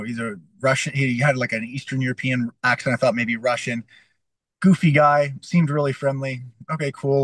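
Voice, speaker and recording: Animated storytelling man, dry close sound. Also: mid-range voice, no room sound, rough recording. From Canada. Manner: animated storyteller, acts out his own past lines. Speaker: UFC fighter and coach. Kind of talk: casual interview storytelling.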